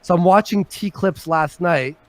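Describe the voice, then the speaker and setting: A man hosting a casual livestream chat, telling stories in an animated way and swearing often. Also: high voice, unhurried, a little hiss or hum. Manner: animated, swearing storyteller who swings from loud to mumbled. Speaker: show host.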